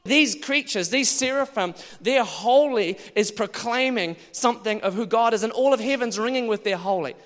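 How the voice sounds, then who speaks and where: A male preacher giving an animated sermon, now and then bursting into loud exclamations. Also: very high voice, normal speed, few pauses. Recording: long hall reverb.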